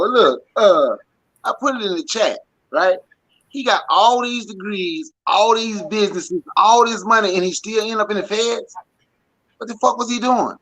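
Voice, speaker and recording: A man's voice: sits high, pushed and bright, rough recording. A man co-hosting a podcast livestream, reacting to a clip with incredulous, mocking commentary. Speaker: podcast co-host.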